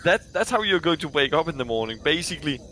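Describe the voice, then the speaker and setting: A man's voice: fairly high pitch, big pitch swings, fast, sharp tone, slight background noise. A man playing a tabletop game, playful and teasing. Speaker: player. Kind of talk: casual tabletop play.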